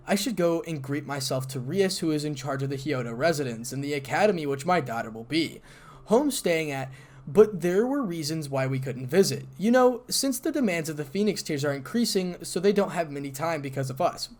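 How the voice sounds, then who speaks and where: A man voicing a gracious, formal noble mother of a devil house in a fan-read story, speaking in a measured, polite way. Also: a little high, animated, a little mellow, lightly acted. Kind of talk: fan audiobook reading.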